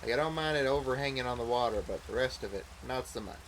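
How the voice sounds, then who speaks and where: A man's voice: medium pitch, quick pace, fairly bright tone, slight background noise, rough recording. A man giving casual, rambling gameplay commentary as a let's play host, thinking aloud as he goes.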